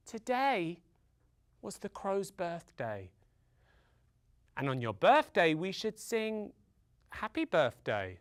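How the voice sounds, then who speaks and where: Animated, slow-paced male storyteller. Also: high-pitched, smooth, dry recording, clean studio sound. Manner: theatrical, with dramatic pauses and sound effects. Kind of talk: folktale storytelling for children.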